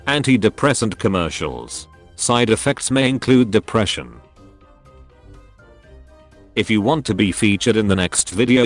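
Low, animated male voice-over reading meme captions briskly over clear music. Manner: brisk caption-by-caption reading, quick jumps between jokes. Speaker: meme compilation narrator.

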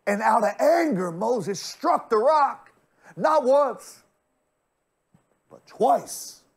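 Slow, dramatic preaching man. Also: very high voice, lively intonation, gravelly, husky. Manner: dramatic preaching, swinging from loud to hushed; addresses the congregation directly. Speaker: pastor. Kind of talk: sermon.

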